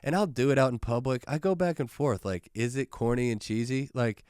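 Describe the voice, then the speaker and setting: A male podcast host telling casual, jokey stories in a loose, profane, animated way, close to the microphone. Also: medium pitch, fairly quick, clean tone, dry recording. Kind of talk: casual storytelling chat.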